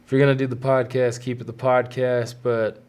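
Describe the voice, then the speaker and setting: A young man hosts a podcast and tells personal stories in a loose, candid way. He often restarts his sentences as he goes. His pitch sits in the middle range. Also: little pitch movement, a little fast, darkish tone, clear, resonant tone. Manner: candid, rambling with frequent restarts. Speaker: podcast host. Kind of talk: casual storytelling.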